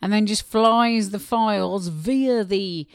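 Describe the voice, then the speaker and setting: Cheeky woman with a Black Country accent and a gravelly edge. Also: medium pitch, slow, dry recording, clean studio sound. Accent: Black Country English. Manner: chatty, cheeky, self-deprecating. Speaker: musician guest. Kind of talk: casual radio interview.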